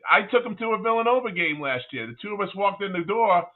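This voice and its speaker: A middle-aged man, a former college basketball player, telling animated anecdotes as a guest with frequent restarts. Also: high voice, quick pace. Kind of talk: casual interview storytelling. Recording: tinny phone-like line.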